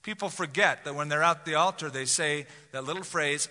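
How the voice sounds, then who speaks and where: A male pastor delivers a sermon in a casual, conversational way and slips into quoted voices. His voice sits a bit high and sounds tense and piercing. Long reverb from a big sanctuary trails each phrase. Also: a little fast, hardly any pauses, pushed and bright. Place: large church sanctuary.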